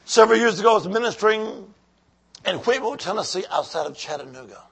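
High, gravelly, husky-voiced male preacher. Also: animated, fast. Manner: exhorting, swings from shouts to whispers; calls out to the congregation. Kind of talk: revival sermon.

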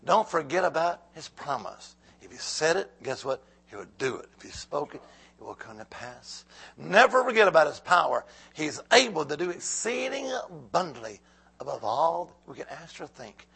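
Gravelly, husky man preaching with fire. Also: a little high, big pitch swings, moderate pace. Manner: call-and-response preaching, swings from hushed to shouting. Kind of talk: sermon.

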